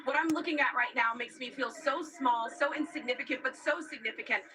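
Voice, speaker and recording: A woman's voice: high voice, fairly quick, recorded from a distance, noisy background. A woman meteorologist reporting live from outdoors among a crowd, awed and close to tears. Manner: emotional, awed, near tears.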